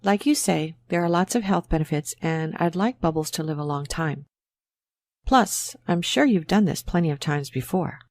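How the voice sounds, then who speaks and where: A chatty, anxious dog owner in an exam listening recording. She talks in a low-pitched voice over a dry studio sound with no room around it. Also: expressive, moderate pace, no room sound. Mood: talkative worried. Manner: chatty, fretful, a little embarrassed. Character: worried woman dog owner. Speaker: pet owner in a scripted exam dialogue. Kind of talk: scripted exam role-play.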